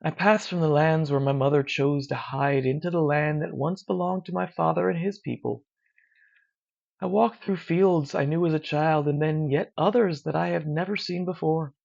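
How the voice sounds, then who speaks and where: A narrator reading a dark first-person horror story in a slow, measured, hushed way. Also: medium pitch, fairly even intonation. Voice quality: gravelly. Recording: dull lo-fi recording.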